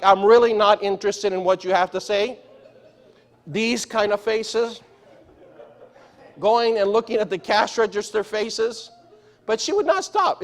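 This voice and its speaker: A man preaching a sermon in a church, telling stories and asking the congregation questions. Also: high voice. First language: Spanish. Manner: storytelling, asks the congregation questions. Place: church sanctuary.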